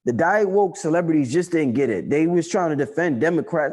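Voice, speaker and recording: A New man chatting casually on a livestream, loose and profane, repeating himself for emphasis. His voice sits a bit high but sounds dark and mellow. He swings from low mutters to excited peaks. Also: a little fast. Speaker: livestream host answering chat.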